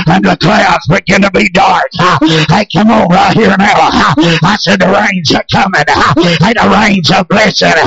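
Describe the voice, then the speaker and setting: A man's voice: high-pitched, vocal fry, fairly bright tone, lo-fi sound. A male preacher, delivering a rhythmic revival sermon in a church, chanting "hey" at the start of each phrase.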